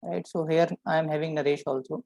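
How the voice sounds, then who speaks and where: A man teaching a programming lesson, explaining step by step and often checking in with a quick "right?". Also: a little high, steady tone, gravelly, a little mellow, no room sound, rough recording. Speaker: programming instructor. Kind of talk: live coding lesson.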